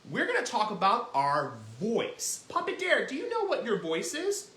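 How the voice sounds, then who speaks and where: A man teaching young children with a bright, sharp tone and a very lively, swooping delivery. He explains and demonstrates in an encouraging way. The room is echoey around him. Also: very high voice, normal speed. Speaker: children's music teacher and host. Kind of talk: children's lesson.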